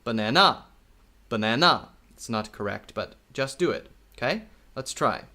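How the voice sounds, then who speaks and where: Lively, patient male English teacher. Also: medium pitch. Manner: slow, repetitive, checks in with "okay?". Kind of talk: recorded video lesson.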